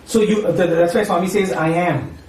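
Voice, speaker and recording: A man's voice: high-pitched, moderate pace, recorded from a distance, crowd noise. Chatty man in an echoey room. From Maharashtra, India. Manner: chatty, frequent "right?" and "you know". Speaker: spiritual speaker and university teacher. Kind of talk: informal devotional talk.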